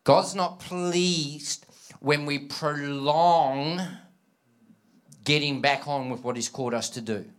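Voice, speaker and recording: A man preaching a sermon to a live congregation, animated, acting out scripture dialogue and prompting listeners with call-and-response. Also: on the high side, slow, smooth. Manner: acts out quoted dialogue in scripture.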